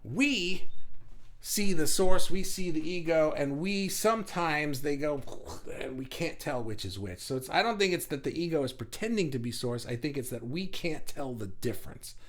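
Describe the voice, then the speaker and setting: A man's voice: fairly high pitch, expressive, moderate pace. A man hosting a casual spiritual livestream, answering viewers' chat in a reflective, thinking-aloud way. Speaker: host answering live chat.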